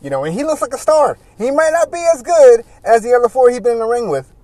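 A man giving casual solo commentary as a wrestling reviewer, rambling and animated, with many "you know"s. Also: very high voice, fast, dry recording.

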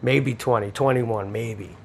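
A man's voice: medium pitch, steady tone, slow, gravelly, over a noisy crowd. A man in his early forties telling a profane, laughing story in casual chat. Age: 40s. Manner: storytelling, swears freely, laughs often.

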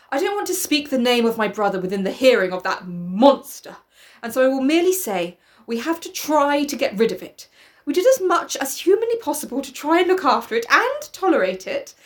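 A woman's voice: high-pitched, voice pushed up. A woman voicing a tearful, desperate young sister, reading her lines aloud in an earnest, urgent, pleading way.

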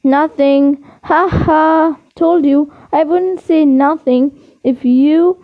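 A woman's voice: high-pitched, steady tone, takes it slowly. A woman voicing a mischievous male poltergeist who taunts in a sing-song way. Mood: taunting sing-song. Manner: sing-song, gleeful teasing. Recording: muffled home recording.

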